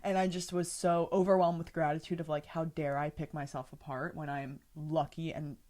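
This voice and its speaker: A woman's voice: sits low, moderate pace. A young woman co-hosting a podcast, speaking openly and with feeling in casual chat, and telling stories with animation. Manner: heartfelt, open, animated when telling stories. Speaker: podcast co-host.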